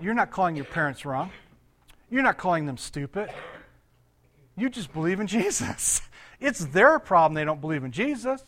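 A man's voice: high voice, fairly bright tone. An older man, a pastor, giving a conversational sermon, laughing often and quizzing his congregation.

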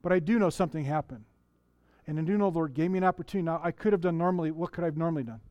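A man's voice: on the high side, rapid-fire, a little mellow, dry recording, highs cut off. A middle-aged man preaching a sermon as a pastor in a conversational way, asking the congregation questions and often restarting his sentences. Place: church.

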